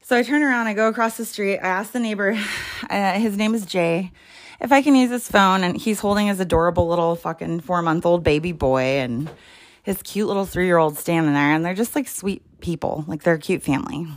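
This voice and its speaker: A woman's voice: on the low side, a little fast. A young woman telling a frustrating story at home in a casual, profane, exasperated way while she hunts for her clothes. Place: at home, moving around looking for things.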